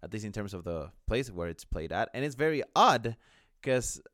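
A man co-hosting a gaming podcast, talking casually and pausing often to search for his words. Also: fairly low pitch, expressive, a bit bright, no echo, clean studio sound. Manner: hesitant, many fillers, searching for words. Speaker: podcast co-host.

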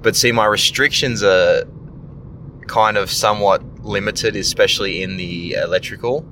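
Young Aussie tradesman, lowish voice, blunt and foul-mouthed, rants casually, faint rumble behind. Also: normal speed, sharp tone. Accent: Australian. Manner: blunt, profane ranting. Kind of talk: casual venting monologue.

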